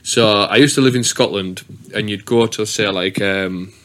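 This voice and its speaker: A man's voice: fairly low pitch, moderate pace, fairly bright tone, slight background noise. A young man hosting a podcast, chatting casually and rambling with lots of swearing and restarts. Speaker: podcast host. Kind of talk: casual chat.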